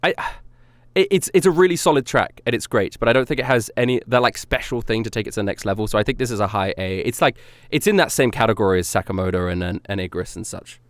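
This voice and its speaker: A man's voice: on the low side, quick pace, no echo, studio quality. A man streaming casual commentary as he ranks his own rap songs, rambling and self-critical as he talks them through.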